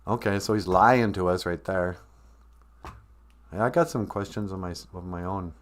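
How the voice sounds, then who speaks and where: Low-voiced sarcastic man in his fifties. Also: normal speed. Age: 50s. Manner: sarcastic, mocking. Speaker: podcast host. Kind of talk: comedic commentary on a video clip.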